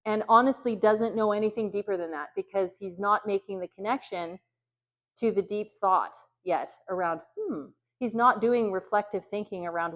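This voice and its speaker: A woman's voice: mid-range voice, normal speed. Woman trainer, casual and hesitant, acts out sample lines for staff. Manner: conversational, many ums, acts out example phrases brightly. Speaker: youth worker trainer. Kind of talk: training talk.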